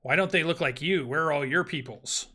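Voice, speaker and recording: A man voicing a big, furry, bear-like male creature who speaks in a gruff, gravelly voice with a halting cadence. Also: a little high, pushed and bright. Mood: wondering. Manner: halting, wondering, translated-sounding cadence.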